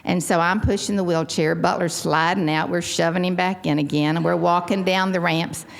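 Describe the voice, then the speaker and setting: An older Texan woman speaks to a gathering, telling her own story with a low, gravelly voice. She acts out the people she quotes, her voice jumping up for each of them. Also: fairly even intonation, moderate pace. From Texas. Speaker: recovery meeting speaker. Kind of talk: personal testimony talk. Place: large hall.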